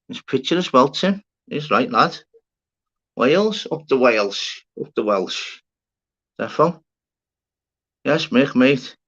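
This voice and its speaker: In dull, lo-fi stream audio, a man hosts a casual livestream in a medium-pitched, fairly bright voice. He rambles, curses, and trades banter with the chat.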